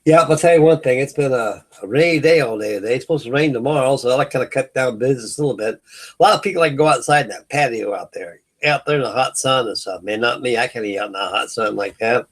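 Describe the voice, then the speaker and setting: Speaking quickly in a mid-range voice, a middle-aged man from California runs a late-night hangout stream. His casual chat wanders through stories full of fillers and false starts.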